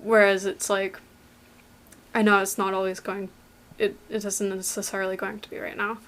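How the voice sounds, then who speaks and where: A woman's voice: medium pitch, level tone, moderate pace, fairly bright tone. Giggly, open young woman. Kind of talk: casual group discussion.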